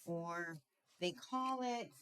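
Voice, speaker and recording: A middle-aged woman with a slightly low voice talks through a card-making tutorial in a relaxed, chatty way. She often pauses with ums and clears her throat. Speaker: craft tutorial host.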